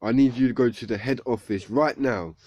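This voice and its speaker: A man voicing a strict female schoolteacher who gives sharp commands to a pupil. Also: mid-range voice, a little fast, dry recording, lightly acted. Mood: stern. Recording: dull lo-fi recording.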